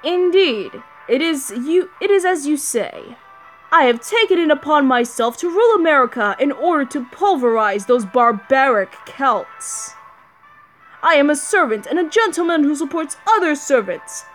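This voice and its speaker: A pompous lion-headed king , put on by a woman, who holds forth in a big flat monotone. The voice sits fairly high for all its bluster. Faint music plays underneath. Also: moderate pace. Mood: grandiose. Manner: grandiose, speechifying.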